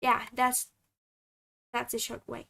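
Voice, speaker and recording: High, slow-talking woman. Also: completely flat delivery, creaky, a bit bright. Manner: halting, chatty. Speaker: streamer. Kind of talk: casual stream self-introduction.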